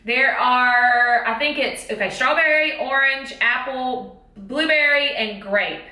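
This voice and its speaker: A woman who vlogs as a teacher shows off a haul of school supplies, chatting in a bubbly, exclamatory, casual way. Her high voice sounds pushed and bright, and she speaks slowly. The room echoes.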